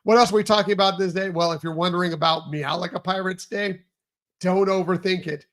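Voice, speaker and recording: A man's voice: high voice, steady tone, fairly quick, a bit bright. A man hosting a morning podcast in upbeat, rambling casual chat. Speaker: podcast host.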